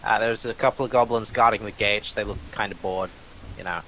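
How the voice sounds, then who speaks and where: A man's voice: fairly low pitch, fairly even intonation, a little fast, pushed and bright, slight background noise, rough recording. A man running a tabletop game as game master, narrating with frequent uh's, repeated words and dry, self-mocking asides.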